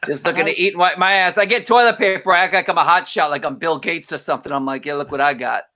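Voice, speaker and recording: A man in his thirties, a comedian guest on a casual podcast, telling stories with lively quoted voices. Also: a little high, quick pace. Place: home, remote call.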